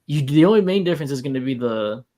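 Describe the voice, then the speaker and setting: A man's voice: mid-range voice, animated, quick pace, mellow. A man co-hosting a casual podcast chat, easygoing and teasing, thinking aloud as he talks. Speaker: podcast co-host.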